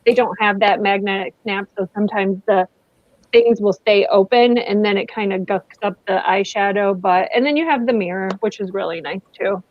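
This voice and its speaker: A woman's voice: medium pitch, normal speed, dull audio. A woman co-hosting a casual beauty review, easygoing and agreeable, often chiming in with short replies. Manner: easygoing, agreeable, backchannels a lot. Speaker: beauty channel co-host. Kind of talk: casual chat product review.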